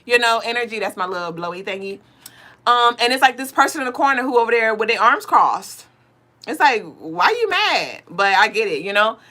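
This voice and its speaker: A woman giving a casual tarot reading on a live stream, talking in loose slang and swearing as she goes. Her voice sits fairly high and bright, with a lively, swooping melody. She is excitable and quick to get loud. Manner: loud, excitable and profane, bursting into laughing shouts; chatty and slangy, cursing freely while she reads cards. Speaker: tarot and astrology reader hosting a live stream.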